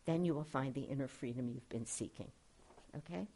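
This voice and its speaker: A middle-aged woman, a spiritual director, giving an earnest, gentle talk to a class and reading quotations aloud. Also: a bass voice, brisk.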